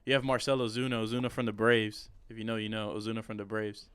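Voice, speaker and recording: A young man with a low, fairly monotone voice talks sports with a friend, rambling and restarting with enthusiasm. His voice is smooth and clear, and the recording is dry and close. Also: fast, no room sound. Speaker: podcast co-host. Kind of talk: casual sports chat.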